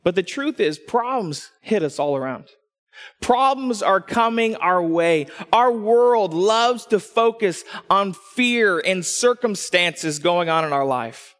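Man, pastor, high voice, lively sermon storytelling, long echoing sanctuary. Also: takes it slowly. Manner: animated storytelling, swings between low asides and excited rises. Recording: long hall reverb.

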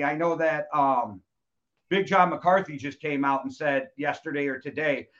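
Higher-pitched man, lo-fi sound. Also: measured pace, fairly bright tone. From United States. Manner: loose, joking, swears freely. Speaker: podcast host. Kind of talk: casual chat. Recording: dull lo-fi sound.

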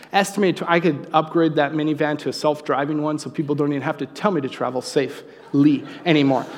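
A man preaching a sermon, conversational and joking, with animated asides. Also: a little high, big-room sound. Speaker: pastor. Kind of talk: sermon with humorous story.

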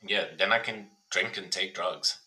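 Sa guy cohosting a podcast, crude banter, says bro a lot, really bright sharp voice. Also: low-pitched, unhurried, slight background noise, poor audio. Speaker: podcast co-host. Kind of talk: casual chat.

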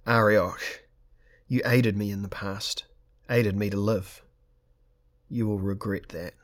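A man's voice: lowish voice, steady tone, slow pace. A man voicing a proud, bitter albino sorcerer-king, speaking defiantly in an audiobook.

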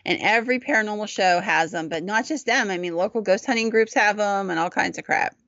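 A woman co-hosting a podcast, chatting casually and telling animated stories about paranormal investigations. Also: fairly quick, dry recording, muffled recording. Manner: animated, acts out quotes in high voices. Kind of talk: casual chat, storytelling.

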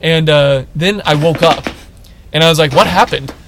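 Against a noisy background, a young podcast co-host recounts a humorous story in a relaxed show, performing each quote with animation. His voice is on the high side, and his pace is moderate.

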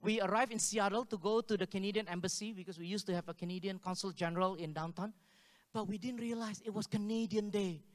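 A man's voice: high voice, quick pace. A man preaching a sermon, telling stories and acting out the dialogue with laughs. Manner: animated, acts out dialogue with laughs. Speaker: pastor. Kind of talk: sermon storytelling. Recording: hall with long reverb.

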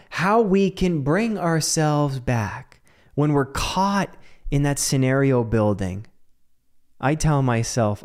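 Guy doing a solo podcast, kinda high voice, rambly and jokey, laughs at himself a lot. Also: a little mellow. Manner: rambling, self-mocking, jokey with frequent laughs. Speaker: podcast host. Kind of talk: casual solo podcast monologue.

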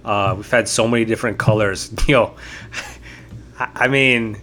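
A man's voice: lowish voice, steady tone, normal speed, a bit bright. A man hosting a podcast in a laid-back, easygoing way, opening the episode over an online voice call. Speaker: podcast host. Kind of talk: casual podcast chat.

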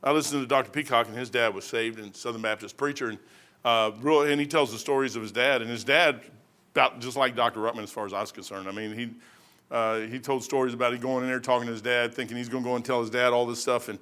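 An older Kentucky man preaches a sermon in a folksy, rambling style, slipping into quick voices to act out the Bible figures in his stories. His pitch sits in the middle, his intonation stays fairly even, and his tone is fairly bright.

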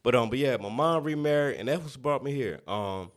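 A man's voice: mid-range voice, lively intonation, a little fast. A man with a New Orleans accent, a podcast guest telling stories in a laid-back way and laughing often. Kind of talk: casual storytelling.

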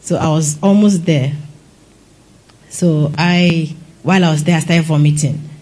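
A young woman gives a personal testimony in a low, steady, slightly mellow voice, speaking a little slowly. She tells her story earnestly and acts out what others said. The recording is rough.

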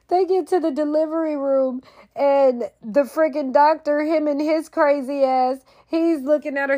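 A young woman, hosting a podcast and recapping a TV episode in an animated, slangy way, straight to her listeners. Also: fairly high pitch, measured pace, no room sound, clean studio sound. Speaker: podcast host recapping a TV show. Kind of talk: casual recap monologue.

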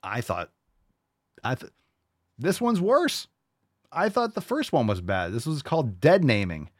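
A man's voice: medium pitch, big pitch swings, a little slow, dry recording, clean studio sound. A male podcast host doing crude, mocking reaction commentary on video clips.

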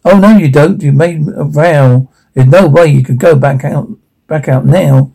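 A man voicing a loud, pushy ugly sister in a high, shrill put-on woman's voice in a storybook reading. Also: measured pace, creaky, slightly rough, exaggerated voice. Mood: triumphant.

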